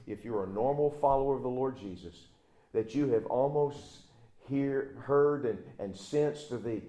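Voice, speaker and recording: A man's voice: medium pitch, unhurried. Dramatic storytelling male preacher, echoey. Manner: storytelling, acts out voices, swings from loud to hushed. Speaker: pastor. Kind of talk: sermon.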